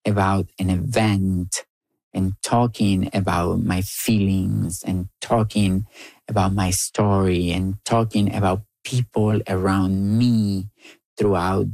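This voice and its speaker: A woman from Argentina with an Argentine Spanish accent, telling personal stories in an interview in a slow, playful way. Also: rumbling low, gravelly, dark tone, dry recording. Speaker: storyteller and writer.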